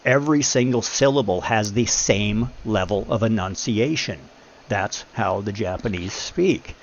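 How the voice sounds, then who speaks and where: Gravelly fast-talking man. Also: on the low side. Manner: fast-talking, blunt and opinionated. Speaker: streamer. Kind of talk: casual chat. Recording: dull lo-fi stream audio, faint noise.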